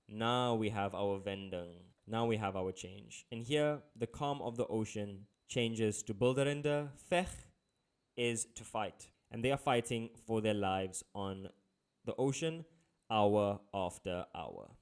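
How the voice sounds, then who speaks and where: A man's voice: on the low side, clear, resonant tone. A man, tutoring in a casual, playful way with jokey asides. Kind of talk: casual exam-prep lesson.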